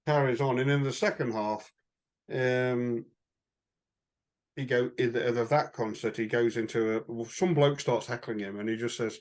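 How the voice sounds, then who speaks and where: A man's voice: medium pitch, steady tone, normal speed. A man, co-hosting a podcast and recounting anecdotes in a casual, rambling way, with fillers and chuckles. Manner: chatty anecdotal storytelling with frequent fillers and chuckles. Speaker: podcast co-host. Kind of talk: casual chat.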